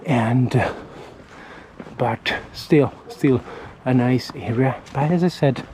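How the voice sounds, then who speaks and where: A man's voice: mid-range voice, slow pace. A man walking and filming a vlog, rambling in a friendly, chatty way as he points things out. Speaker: vlogger. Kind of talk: casual walking commentary. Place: outdoors on residential streets. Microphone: handheld camera while walking. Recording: street noise with passing traffic.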